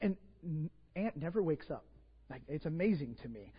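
A Texan pastor with a fairly high voice tells a story from the pulpit. He is animated, dropping to hushed asides and then rising to loud bursts. The recording is dull and lo-fi, with long church reverb. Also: moderate pace, husky. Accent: Texas. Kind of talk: sermon storytelling. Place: church sanctuary.

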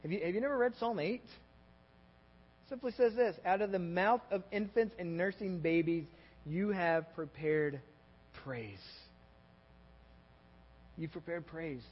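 Preaching in a church sanctuary, a Texan-accented pastor speaks a little slowly in a husky voice that sits fairly high for a man. He addresses the room like a friend, animated, with asides and check-ins on whether people follow. The audio is somewhat dull, each phrase trailing a long reverb.

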